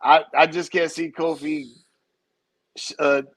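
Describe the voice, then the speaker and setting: A laid-back man co-hosting a wrestling recap show, his voice sitting a little high for a man. He teases his co-host and breaks into laughter often. The talk is loose and unscripted. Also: flat delivery, unhurried, fairly bright tone. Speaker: podcast co-host. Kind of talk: casual wrestling recap chat.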